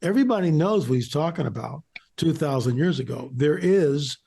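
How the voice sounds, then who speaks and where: Man talking in an interview, gravelly, keeps hammering points, repeats himself. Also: a little high, lively intonation, normal speed, dark tone. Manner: emphatic, repeats phrases for stress. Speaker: guest researcher and author. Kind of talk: interview conversation.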